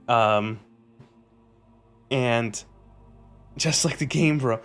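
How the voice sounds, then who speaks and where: A young man streamer recapping a show in a casual, exasperated rant, animated and swearing freely. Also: mid-range voice, extremely slow, soft background music.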